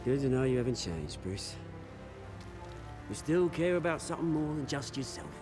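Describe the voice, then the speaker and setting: An actor playing a scheming, theatrical young street tough in a video game. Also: male voice, medium pitch, big pitch swings, normal speed, lightly acted. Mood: bitter. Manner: theatrical, swaggering, sudden outbursts. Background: music.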